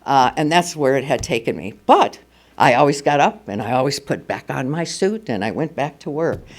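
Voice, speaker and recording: A woman's voice: a bass voice, expressive, normal speed. An older woman speaking at a recovery meeting, telling her personal story candidly and with humor. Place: meeting room at a school.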